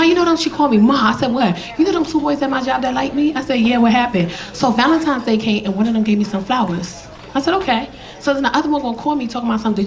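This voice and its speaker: Brash high-voiced woman comic, loud crowd. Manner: brash, profane, storytelling with crowd work. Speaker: stand-up comedian. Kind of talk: stand-up set. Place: comedy club stage with live audience. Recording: live club with loud crowd laughter.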